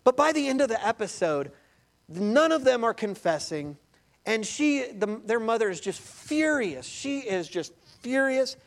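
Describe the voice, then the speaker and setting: Male pastor with a high, lively sermon delivery and a storyteller's energy. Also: unhurried. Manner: animated storytelling, addresses listeners as beloved.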